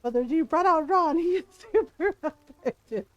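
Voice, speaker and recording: Her voice is very high and animated, at a normal speed, over dull audio with faint music in the background. She's in her fifties, gaming on stream and chatting casually through stories, often adding "right?" to what she says.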